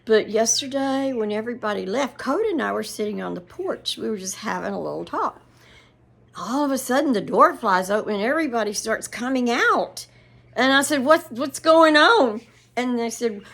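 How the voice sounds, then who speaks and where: A woman's voice: a little high, a bit bright. An older woman, chatting casually to her viewers and rambling through family stories. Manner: rambling storytelling with laughs. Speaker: vlogger.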